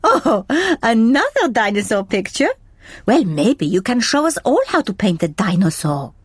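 A woman voicing a kindly gazelle playgroup teacher in a cartoon, gentle and encouraging. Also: medium pitch, sing-song, normal speed, husky, no room sound, studio quality.

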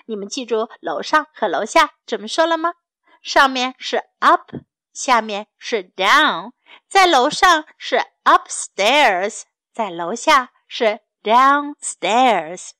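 High, bright woman teaching children. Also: no room sound. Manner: gentle, coaxing talk to children. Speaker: children's English teacher host.

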